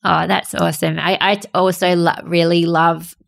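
Woman co-host, gravelly voice, emotional casual chat, laughs easily, hesitant. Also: on the low side, flat delivery, moderate pace. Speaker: podcast co-host.

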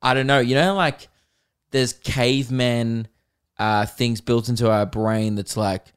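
A man's voice: mid-range voice, unhurried, smooth. Young aussie guy on his comedy podcast, rambling story, jumps into silly voices, swears a lot. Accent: Australian. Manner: animated, acts out quoted voices, swears freely, laughs mid-story. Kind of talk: casual storytelling chat.

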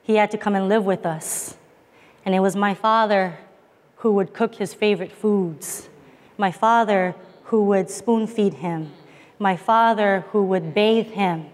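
A woman preaching a sermon, telling a family story in a slow, earnest, emphatic way. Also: medium pitch. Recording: long hall reverb.

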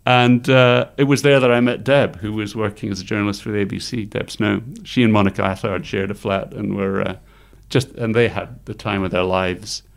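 A middle-aged man, telling lively stories as an interview guest and laughing often. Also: fairly low pitch, moderate pace, vocal fry, few pauses. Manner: animated anecdotes, laughs often, acts out quoted voices. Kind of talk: storytelling in conversation.

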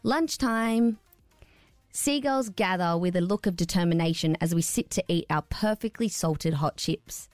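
A woman, a radio producer, reading her own story aloud with a careful, expressive delivery. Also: fairly low pitch, moderate pace, hardly any pauses, no echo, soft background music.

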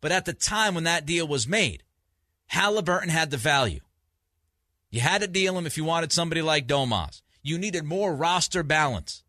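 A man's voice: fairly high pitch, animated, moderate pace, pushed and bright, dry recording, studio quality. A man hosting a sports talk radio show, emphatic and grumpy from too little sleep, often restarting his sentences. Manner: emphatic, repeats himself in restarts.

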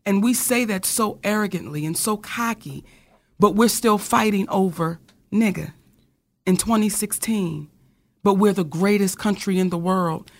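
With a gravelly, mid-range voice and a slightly slow pace, this podcast co-host drives her points home through rhetorical questions like a preacher. The talk is a casual discussion, and she is passionate throughout.

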